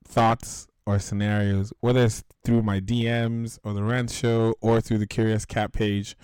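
A man with a fairly low voice hosts a casual podcast, playful and teasing, cutting in with loud bursts. The sound is dry and close, with no room around it. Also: no echo. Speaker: podcast host.

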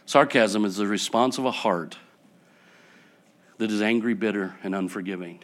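A man preaching a sermon to his church, building up to loud passionate peaks and then dropping to quiet, soft passages. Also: fairly low pitch, moderate pace. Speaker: pastor.

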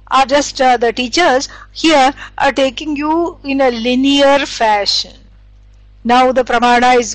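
A woman teaches in a relaxed, rambling lecture, full of "you know" and restarts. Her voice sits high, and the recording is dry and close, with little room sound. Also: no echo, poor audio. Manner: meandering, conversational, many fillers and restarts. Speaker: Vedanta teacher. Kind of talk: spiritual lecture.

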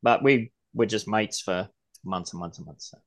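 An Australian man in his forties hosting a casual podcast chat, rambling and quick to laugh. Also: fairly low pitch. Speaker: podcast host.

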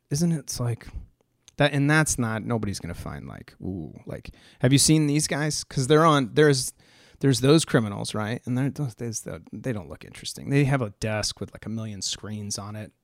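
A man's voice: medium pitch, expressive, moderate pace, no echo, studio quality. An American man rambling through news in a casual, profane, joking way, full of fillers and restarts. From United States.

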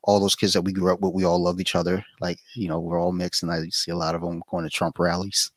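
A man chatting casually as a podcast guest, telling blunt, profane stories with animated quoted asides. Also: sits low, fast talker, no echo. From Saudi Arabia.

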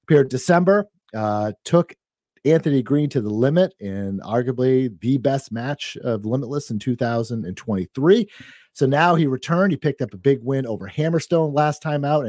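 A man's voice: mid-range voice, a little mellow, dry recording, clean studio sound. A man hosting a wrestling preview show, building up upcoming matches. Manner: hype-building, uses fillers.

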